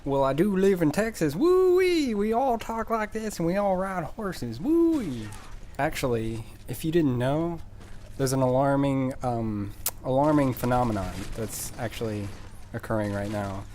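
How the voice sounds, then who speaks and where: A man rambling through casual game commentary in a sarcastic, deadpan joking manner, recorded on a desk mic as a voice-over. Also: mid-range voice, slight background noise. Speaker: gameplay commentator.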